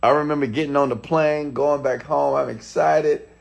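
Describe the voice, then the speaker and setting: A man in his thirties, a motivational speaker, telling a personal story in an animated way, with sudden excited shouts. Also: on the high side, moderate pace, creaky, highs cut off.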